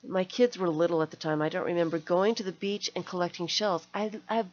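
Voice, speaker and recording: A woman's voice: on the low side, steady tone, brisk, darkish tone. A middle-aged woman hosting an art live stream, chatting casually and gushing with delight as she opens mail. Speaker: art channel host. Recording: slightly dull lo-fi stream audio.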